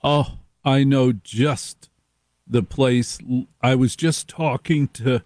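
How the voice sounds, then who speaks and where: A slow, ingratiating middle-aged fixer who smooth-talks and flatters his way into anything, as a man puts him on while telling a story. His speech is unhurried and deliberate, at an ordinary mid pitch. The voice is close and dry. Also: no echo, natural voice. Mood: smooth, flattering.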